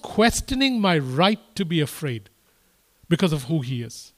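Preacher, male, higher-pitched, emphatic and repetitive sermon delivery. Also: very animated, measured pace. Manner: emphatic, repetitive, rising to impassioned exhortation.

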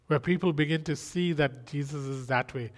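Earnest male preacher, slightly high voice. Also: normal speed. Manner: earnest, exclamatory preaching with rhetorical questions. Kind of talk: sermon.

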